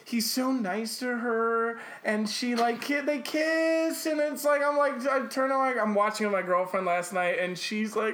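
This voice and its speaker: A man's voice: extremely high pitch, steady tone, a little slow, few pauses, fairly bright tone, slight background noise. A man on a casual movie podcast who chats loosely, laughing often and filling with "like". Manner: laughing, chatty, lots of fillers. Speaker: podcast co-host.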